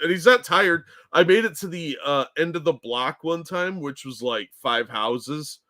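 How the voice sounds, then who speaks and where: A fairly high, bright-voiced man co-hosts a casual chat show. His pitch swings widely as he tells lively stories, with plenty of swearing. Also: a little slow. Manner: animated anecdotes, swearing freely. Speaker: podcast co-host.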